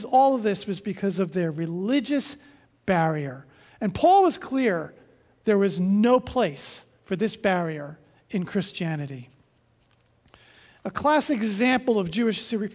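Preacher giving a sermon, punchy and emphatic, mid pitched voice, long hall echo. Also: a little mellow. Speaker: pastor. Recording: long reverb of a large hall.

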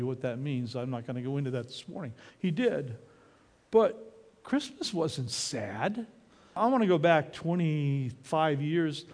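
Animated preacher man with lively pitch. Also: in a large hall. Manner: animated, joking asides, emphatic repetition. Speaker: pastor. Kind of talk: sermon. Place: church.

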